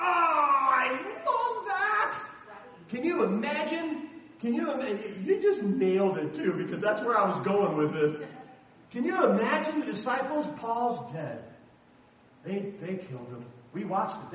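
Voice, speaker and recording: A man preaching a sermon in a church, emphatic and animated, breaking into sudden shouts. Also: high-pitched, a little hiss or hum. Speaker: pastor. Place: church sanctuary. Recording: roomy echo, voice heard from a distance.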